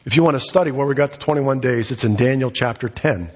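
A middle-aged male pastor preaching a sermon, swinging between high, emphatic calls and low, quiet asides. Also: quick pace, slightly rough. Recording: dull sound with long hall reverb.

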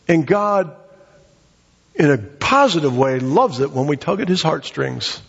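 A middle-aged man preaches a sermon with a lively, rising and falling delivery. His voice is slightly husky and sits fairly high. The recording is muffled and carries a long hall reverb. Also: moderate pace. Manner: emphatic preaching that rises high on exhortations and drops low for asides. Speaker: pastor.

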